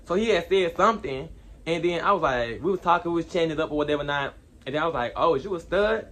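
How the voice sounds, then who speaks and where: A young man telling a storytime vlog in an animated, slangy way, rambling with asides. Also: fairly high pitch, fast talker. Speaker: vlogger.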